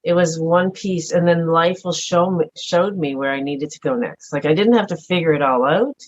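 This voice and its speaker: A middle-aged woman speaking earnestly and softly as a podcast guest, thinking aloud in a reflective personal conversation. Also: lowish voice, moderate pace. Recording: dull lo-fi audio.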